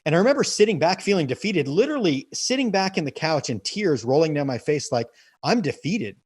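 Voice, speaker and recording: A man's voice: on the high side, sing-song, fast, breathy edge, dry recording. Man, interview guest, earnest personal storytelling, repeats words on restarts, dry recording. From United States.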